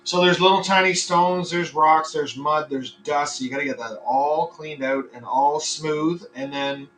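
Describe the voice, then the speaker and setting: A man's voice: on the high side, unhurried, fairly bright tone, far from the mic, slight background noise, poor audio. A middle-aged man who farms chickens and hosts a podcast, talking casually with a lot of swearing and constant tangents. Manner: profane, rambling, frequently sidetracked. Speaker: podcast host and chicken farmer. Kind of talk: casual rambling podcast monologue.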